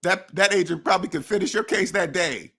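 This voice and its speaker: His voice is high-pitched, fairly quick, bright and forceful, with a gravelly, slightly rough texture. As a finance podcast host giving a casual monologue, he lectures bluntly, stages imagined dialogues, and swears at times.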